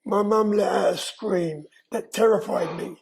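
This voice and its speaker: An older man, slowly and earnestly telling his life story in an interview, with frequent "you know". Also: sits high, gravelly, a little mellow, low-quality recording. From London, England. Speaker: guest.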